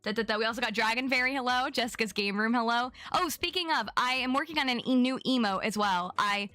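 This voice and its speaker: A woman's voice: on the high side, fast talker, sharp tone, no echo, soft background music. A young adult woman chatting casually on her live stream, bubbly and chatty as she greets viewers by name.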